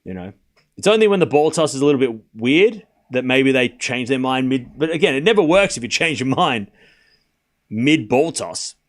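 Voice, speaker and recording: This man's medium-pitched voice is very animated, moving at a moderate pace. As host of a live tennis watchalong, he calls the points and chats easily with his viewers, laughing frequently and responding to chat.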